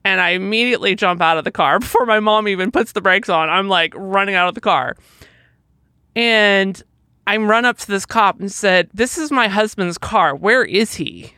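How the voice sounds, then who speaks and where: A woman recounts a painful memory on a podcast, slipping into the voices of the people in it as she goes. Her voice is bright and forward, caught close to the mic with no room around it. She sits in an ordinary middle pitch. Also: moderate pace, dry recording. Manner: emotional, vivid retelling with quoted dialogue. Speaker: podcast co-host. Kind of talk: personal storytelling.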